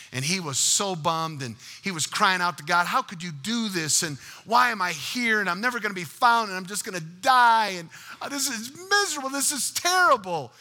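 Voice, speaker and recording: A male pastor preaching a sermon, telling stories and acting out the voices in them, swinging from loud to hushed. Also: a little high, big-room sound. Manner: storytelling, acts out voices with big swings in loudness.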